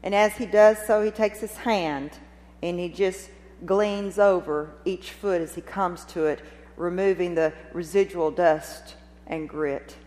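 A woman preaching a sermon, retelling a scene with expressive, dramatic storytelling and rhetorical questions. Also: on the low side, a little slow. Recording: long reverb of a large hall.

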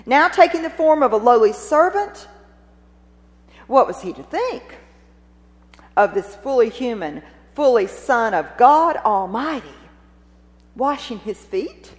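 A woman preacher tells the story with dramatic, animated expression and asks her listeners rhetorical questions. Her voice sits fairly high and swings widely in pitch. A long reverb trails behind her, as in a large hall. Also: measured pace. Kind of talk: sermon retelling a Gospel scene.

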